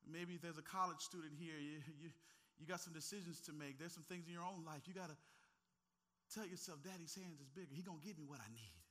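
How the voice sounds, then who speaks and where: A man preaching a sermon, telling a story, building to a loud call-and-response and then praying quietly. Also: fairly high pitch, a little fast. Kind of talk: sermon with prayer.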